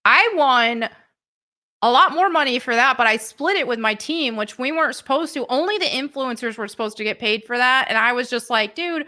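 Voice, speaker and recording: A woman's voice: on the high side, brisk, sharp tone. A woman hosting a live stream, chatting casually and laughing often.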